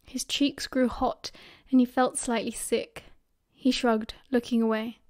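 A woman with a British accent narrating an audiobook in a steady, expressive storytelling manner. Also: fairly high pitch, measured pace, few pauses. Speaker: audiobook reader.

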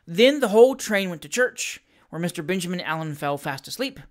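Steady, measured storybook narrator. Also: mid-range voice. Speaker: audiobook reader. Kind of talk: reading a classic novel aloud.

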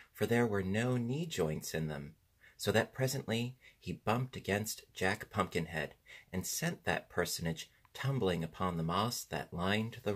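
A man narrating a children's storybook in a steady, measured reading. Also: sits low, breathy edge. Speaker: audiobook narrator.

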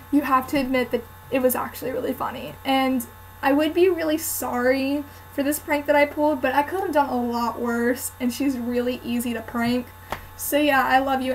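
A woman's voice: high-pitched, slight background noise, low-quality recording. A young woman vlogger chatting casually to camera, telling a story with lots of "um" and "like". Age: student.

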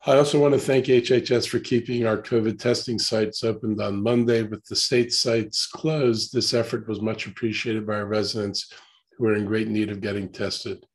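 A man with a hoarse, gravelly voice, giving a measured public statement as a county executive over a video call, with frequent ums. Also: fairly low pitch, flat delivery.

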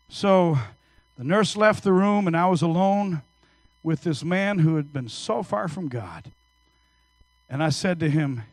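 A man in his fifties preaching a sermon in church, telling stories energetically and swinging between hushed and loud. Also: on the high side, lively intonation, normal speed, no echo. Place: church service.

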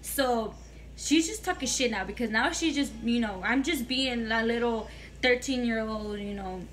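Bright-voiced young woman telling a story. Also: on the high side, moderate pace, slight background noise. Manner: chatty, swearing, mixes in Spanish phrases. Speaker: vlogger. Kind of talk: casual storytime monologue.

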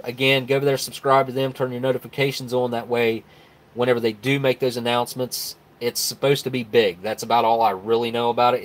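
A man chatting casually on a live stream from home, greeting viewers one by one and wandering through announcements. His voice sits at an ordinary middle pitch and comes through a desk mic.

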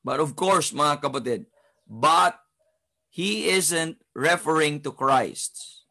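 A man with a Filipino accent teaches a Bible study, mixing English and Tagalog and hammering key points through repetition. His voice sits high and bright. He speaks slowly and deliberately. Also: vocal fry. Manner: switches between English and Tagalog, emphatic and repetitive.

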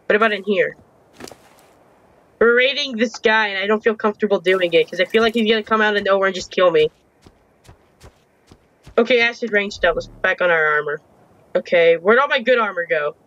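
High bright-voiced young man. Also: muffled recording. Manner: frustrated, complaining, swears mildly. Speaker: gaming channel host. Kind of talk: game commentary.

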